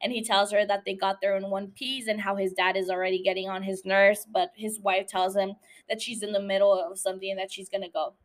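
A woman's voice: medium pitch, flat delivery, fairly quick, hardly any pauses. A woman host recapping a TV episode for her podcast. She talks in a loose, chatty way, swears freely and laughs often.

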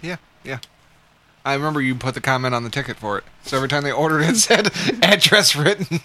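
A man with a bright, ringing voice chats casually as a podcast co-host. He tells his stories in a profane, animated way, peppered with laughs. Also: medium pitch, fast. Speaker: podcast co-host, pizza delivery driver.

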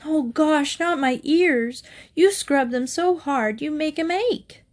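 Brief: woman reading as an imaginative little boy, high-pitched, whining and dramatic. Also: takes it slowly. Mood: whiny, dreamy. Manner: whiny and dramatic. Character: small imaginative dawdling boy.

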